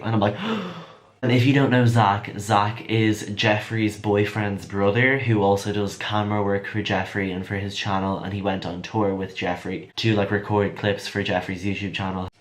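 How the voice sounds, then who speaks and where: A young man telling a chatty, excitable storytime vlog. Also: on the low side. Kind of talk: casual storytime.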